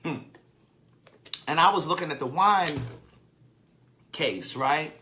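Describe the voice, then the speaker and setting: A man tells a personal anecdote straight into the camera. His voice is bright and sits a little high. His delivery is loose and chatty, with swearing and easy laughter at his own expense. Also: slow, slight background noise. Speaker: author and live-streamer. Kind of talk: casual storytelling monologue.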